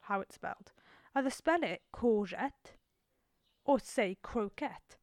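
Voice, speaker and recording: A woman's voice: mid-range voice, animated, takes it slowly, no room sound, studio quality. A woman in her twenties co-hosting a podcast, telling a rambling, self-mocking story in casual chat at home. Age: 20s. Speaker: podcast co-host. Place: home room with door open, traffic outside.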